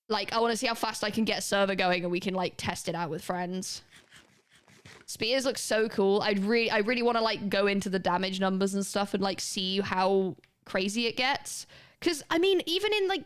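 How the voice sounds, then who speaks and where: A woman's voice: mid-range voice, smooth. A woman, chatting casually and rambling as she streams a game, swearing now and then. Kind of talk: casual gaming commentary.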